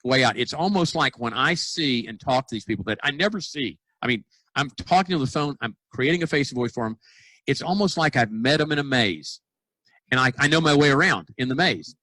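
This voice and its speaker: A dentist and consultant telling stories in a casual podcast conversation, acting out dialogue with lots of restarts. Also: male voice, mid-range voice, brisk, dry recording, low-quality recording. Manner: animated storyteller, acts out quoted dialogue; frequent restarts and repeated words. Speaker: dentist and practice consultant guest.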